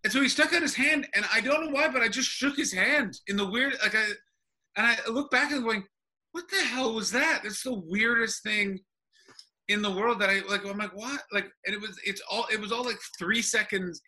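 Bright-voiced man telling a story. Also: high voice. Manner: animated storyteller, self-interrupting. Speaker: comedian guest. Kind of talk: casual remote interview.

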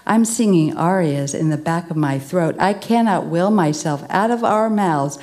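A woman giving a poetry reading in a slow, deliberate recitation. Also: fairly low pitch, a little mellow. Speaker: poet.

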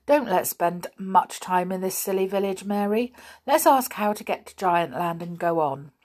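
A woman's voice: mid-range voice, moderate pace, a little mellow, natural voice. A woman voicing a polite but impatient young boy in a children's story. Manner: polite, then impatient and grumbling.

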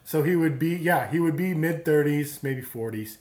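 A man's voice: fairly high pitch, moderate pace, a little mellow, roomy sound. A man co-hosting a casual chat, swearing and laughing through rambling banter, recorded on a phone. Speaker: podcast co-host. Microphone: phone app.

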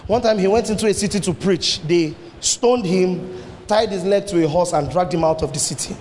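High-voiced man preaching in an echoing hall. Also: normal speed, slight background noise. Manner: animated preaching with rhetorical questions and sudden pitch swings. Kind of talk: sermon. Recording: long hall reverb, faint ambience.

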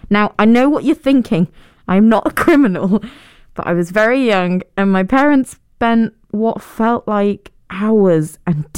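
A young woman talking in a relaxed, chatty storytelling voice, joking at her own expense and laughing easily. Her voice sits a little low and sounds smooth and resonant. The sound is close and dry. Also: dry recording. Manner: chatty and self-deprecating, laughs often. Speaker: podcast host. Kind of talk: casual storytelling monologue.

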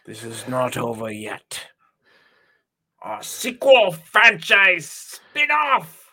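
A man voicing a bitter, pompous aging male villain who rants indignantly, raising his voice to shouts and drawing his words out. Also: fairly high pitch, huge pitch swings, extremely slow, voice pushed up, full character voice.

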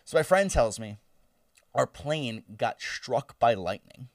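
A man's voice: medium pitch, takes it slowly, dry recording, clean studio sound, distant mic. A man in his twenties telling a story in casual chat, swearing and laughing as he goes. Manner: animated, swearing, laughing, acts out screams.

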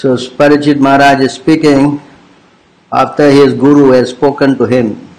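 A man's voice: mid-range voice, little pitch movement, moderate pace, a little mellow, reverberant, poor audio. A man as a spiritual teacher giving a conversational sermon on scripture. He keeps checking in with his listeners and teases them with rhetorical questions. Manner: keeps checking in with listeners with "yes?" and "you understand?".

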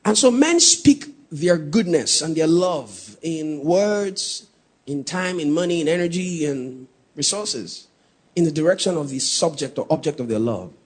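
Male pastor, husky tone, shouts for emphasis mid-sermon. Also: fairly high pitch, sing-song, unhurried. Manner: preaching with rising shouted emphasis, jokes with the congregation.

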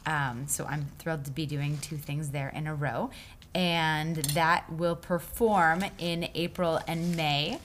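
Woman guest, theater director, effusive and upbeat, slightly low voice, faint hiss behind. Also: fairly even intonation, slow. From San Francisco Bay Area. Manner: enthusiastic, effusive. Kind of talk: casual podcast chat.

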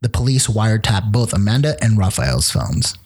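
A man telling a true crime story on a casual podcast, animated and acting out the quotes. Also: on the low side, normal speed, husky. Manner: animated retelling with acted quotes and casual swearing.

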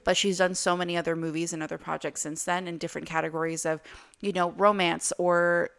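A woman's voice: on the low side, little pitch movement, fairly quick, vocal fry, a bit bright, clear, resonant tone. A young woman co-hosting a casual podcast, talking enthusiastically with lots of fillers. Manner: chatty, filler-heavy, enthusiastic. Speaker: podcast co-host. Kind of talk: casual chat.

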